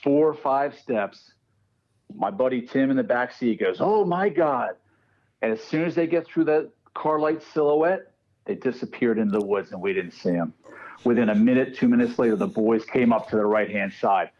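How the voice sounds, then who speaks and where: Speaking at a moderate pace in a mid-range voice, a paranormal researcher on a podcast recounts a ghost story in a casual way. He's an animated storyteller who acts out people's words, and the sound is lo-fi.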